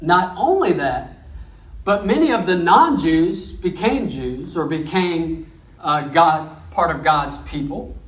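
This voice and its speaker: A preacher delivers a sermon, telling the story in plain talk with lively, folksy asides. His medium-pitched, mid-range voice moves slowly and rings through a roomy, echoey church, picked up by a mic a few steps away.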